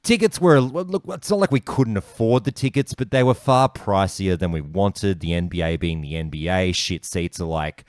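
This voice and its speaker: An Australian man hosting a podcast, telling stories in animated casual chat with plenty of swearing. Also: deep voice, normal speed, few pauses, no room sound, clean studio sound. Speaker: podcast host.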